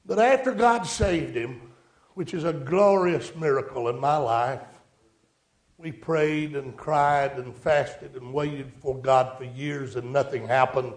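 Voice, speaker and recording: A man's voice: medium pitch, slow pace, reverberant. A man preaching a sermon, telling a story in a down-home way and rising to emphatic pleas to his listeners. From rural United States.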